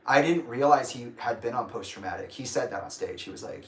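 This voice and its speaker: A man venting on a livestream in a mid-pitched voice, swearing freely. He talks casually, then breaks into sudden loud shouts. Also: brisk, hardly any pauses. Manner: profane and emphatic, with sudden bursts of shouting. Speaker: livestream host.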